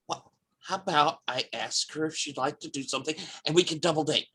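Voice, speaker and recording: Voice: mid-range voice, fairly quick, sharp tone, husky, voice pushed up. Player voicing a nervous, cheerful female angel. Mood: anxious. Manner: hesitant, stammering. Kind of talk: tabletop role-play in character.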